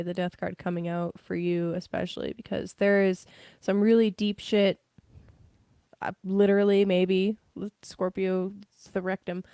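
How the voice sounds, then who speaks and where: A woman reads tarot in a loose, chatty way, often breaking into giggles and swearing without a second thought. She talks slowly and takes her time. Her voice sounds dry and close, with no room echo. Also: medium pitch, mellow, clean tone. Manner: giggly, swears freely, rambling. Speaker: tarot reader. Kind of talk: casual live tarot reading.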